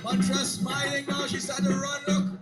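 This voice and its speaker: A man's voice: very high voice, normal speed, echoey room. A man giving chatty live commentary on a stage show, talking to the crowd. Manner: lively, chatty, addresses the crowd. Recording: loud music over the voice. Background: loud live music.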